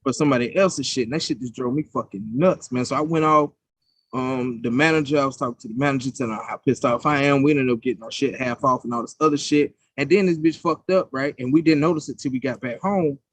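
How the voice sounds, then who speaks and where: A man's voice: medium pitch, fast, dry recording. A young man co-hosting a podcast, telling stories in a casual, profane, heated way. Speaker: podcast co-host. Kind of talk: casual chat.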